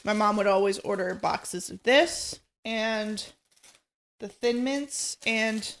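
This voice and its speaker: Casting: upbeat female co-host, chatty, laughs easily, mid pitch. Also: slow, gravelly, fairly bright tone, slight background noise. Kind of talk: casual chat, tasting cookies.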